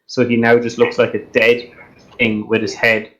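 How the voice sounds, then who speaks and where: A man running a tabletop role-playing session as dungeon master, describing each scene in an even, unhurried way and filling pauses with ums and uhs. His voice sits in an ordinary middle pitch for a man. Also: low-quality recording. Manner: steady descriptive narration with frequent ums. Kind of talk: narrating a tabletop game.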